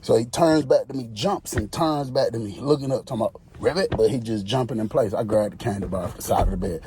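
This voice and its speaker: A man telling a prison story in a casual, slangy, animated way. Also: medium pitch, fast, slight background noise. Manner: animated, slangy, acts out quotes.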